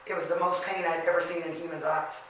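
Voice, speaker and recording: A woman's voice: on the low side, fast talker, a little hiss or hum. A woman guest tells her story evenly and matter-of-factly, with very little rise and fall in her voice. She sounds distant from the mic in a very echoey room. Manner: even, matter-of-fact telling of eerie experiences. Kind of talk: casual storytelling.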